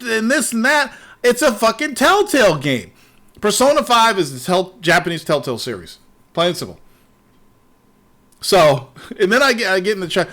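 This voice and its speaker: A man hosting a casual show, ranting in an animated, profane way and trailing off into repeated words. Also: high-pitched, normal speed. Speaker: podcast host.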